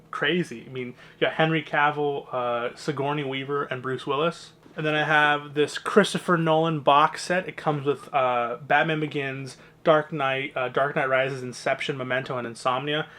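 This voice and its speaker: A man's voice: on the high side, steady tone, moderate pace, sharp tone. A young man, casually walking through his movie collection with chatty, rambling, opinionated asides.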